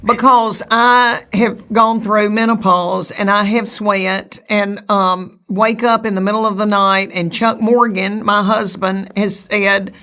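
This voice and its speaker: A woman's voice: medium pitch, fairly even intonation, takes it slowly, few pauses, fairly bright tone. Folksy Southern woman in her fifties. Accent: Southern US, East Tennessee. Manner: folksy, drawling, calls the listener honey. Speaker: interviewee. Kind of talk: casual interview storytelling.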